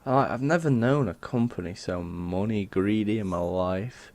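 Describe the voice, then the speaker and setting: A man's voice: lowish voice, normal speed, a little mellow. A man co-hosting a podcast, telling rambling, grumbling stories in a casual chat. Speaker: podcast co-host.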